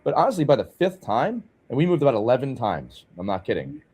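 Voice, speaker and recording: A man co-hosts a podcast in an easy, conversational way. His pitch moves up and down a lot, and he chuckles between thoughts. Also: huge pitch swings, fast, a little mellow, slightly rough. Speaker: podcast co-host. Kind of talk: podcast interview.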